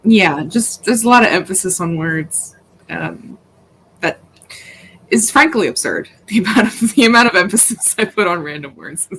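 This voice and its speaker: Lowish-voiced woman running a writing stream, chatty, teases herself a lot. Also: expressive, a bit bright, rough recording. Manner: chatty and self-mocking, quick to laugh. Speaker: stream host leading writing sprints. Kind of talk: casual chat on a live stream.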